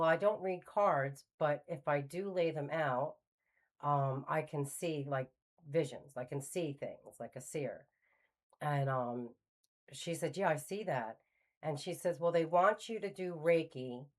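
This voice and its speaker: A middle-aged woman telling a personal story in a casual, animated way, acting out the voices of the people she quotes. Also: sits low. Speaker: spiritual channel host.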